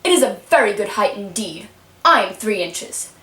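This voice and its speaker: A woman's voice: medium pitch, sing-song, moderate pace, sharp tone. Woman doing a curt, aloof caterpillar. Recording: roomy, mic set far off.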